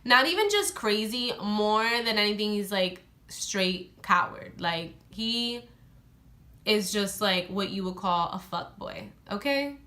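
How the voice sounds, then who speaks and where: A young woman vlogger telling a true story in a casual, animated storytime monologue, filling her talk with "like" and acting out her friends' lines. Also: medium pitch, slow. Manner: animated, heavy use of "like", acts out friends' lines. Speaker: beauty vlogger.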